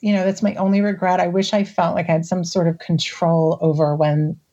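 A middle-aged woman from the Midwest telling a personal story as an interview guest, emotional and laughing often between halting restarts. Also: lowish voice, flat delivery, warm tone, lo-fi sound. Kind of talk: recounting a personal experience in an interview.

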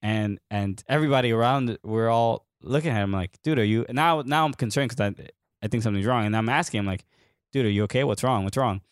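A man's voice: mid-range voice, quick pace, smooth, no room sound. A young man from the United States chats casually as a podcast co-host. He tells stories in loose, rambling bursts, full of "uh" and "like", and laughs often. His mid-range voice is recorded close and dry, with no room sound. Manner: rambling storyteller, frequent fillers, laughs often. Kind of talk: casual chat.

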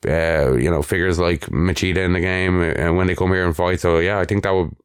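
Deep, smooth co-host. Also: male voice, fairly even intonation, no echo, clean studio sound. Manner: measured, hesitant, many fillers. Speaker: podcast co-host. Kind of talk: casual chat.

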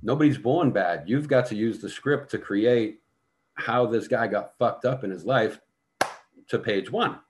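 A man's voice: mid-range voice, unhurried. A man telling a war story in casual talk, blunt and full of profanity. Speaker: guest.

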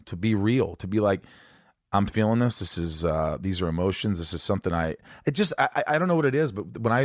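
A man's voice: fairly low pitch, no echo, clean studio sound. A man hosting a podcast, talking bluntly and openly about his feelings and swearing freely. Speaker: podcast host. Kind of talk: casual podcast interview.

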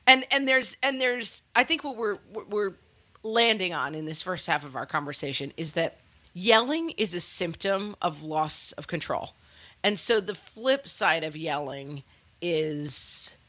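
A woman co-hosting a parenting podcast, telling stories in a chatty way with quick asides. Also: on the low side, sharp tone. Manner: chatty, storytelling with fillers and acted quotes. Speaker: podcast co-host. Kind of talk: casual chat.

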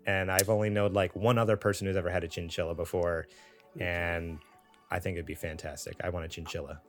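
A man, hosting a casual chat and reading chat comments aloud in a relaxed way. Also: low-pitched, fairly quick, faint music behind. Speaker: podcast host reading live chat.

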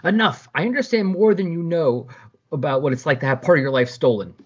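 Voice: medium pitch, expressive, fast talker, husky. A fierce, commanding young heroine, as a podcaster puts her on. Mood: stern. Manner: defiant, scolding. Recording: dull lo-fi sound.

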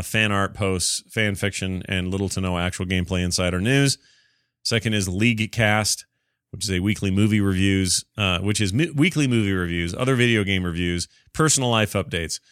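Man, podcast host, lowish voice, dry close mic, chatty, rambling, self-deprecating. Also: a bit bright, clear, resonant tone, no echo. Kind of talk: casual solo podcast, reading listener emails.

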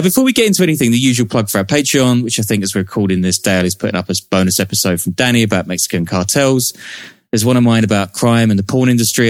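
A man's voice: on the low side, dry recording, studio quality. A man hosting a podcast, introducing guests in a chatty, joking way. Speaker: podcast host.

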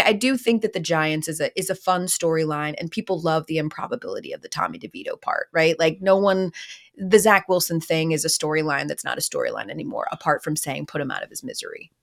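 A woman hosting a sports talk show, chatting casually and playfully teasing her co-host. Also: low-pitched. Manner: playful teasing, acts out quoted voices.

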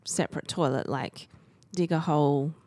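A woman's voice: deep voice, moderate pace, darkish tone, dry recording. A woman co-hosting a casual book podcast, chatty and encouraging with emphatic asides. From Australia. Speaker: podcast co-host. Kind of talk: casual book-club chat.

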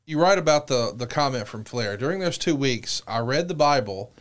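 A man's voice: medium pitch, expressive, moderate pace. A man hosting a podcast interview, reading book passages aloud and asking follow-up questions. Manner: prompting, reads quoted passages then asks follow-ups. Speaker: podcast host.

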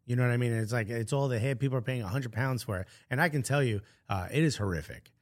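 A man co-hosting a casual podcast, talking in an animated, joking way and laughing often. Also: medium pitch, fast. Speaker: podcast co-host.

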